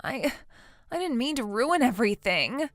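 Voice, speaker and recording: A woman's voice: on the high side, very animated, normal speed, no room sound, studio quality. A synthetic woman voicing a whiny naive young wife. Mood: pleading. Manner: pleading, hesitant. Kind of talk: text-to-speech text story narration.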